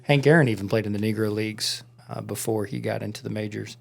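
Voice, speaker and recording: A man's voice: fairly low pitch, fairly even intonation, fast talker, gravelly. A man co-hosting a podcast, casually telling a rambling story with lots of fillers in a studio. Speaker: podcast co-host. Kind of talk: casual chat.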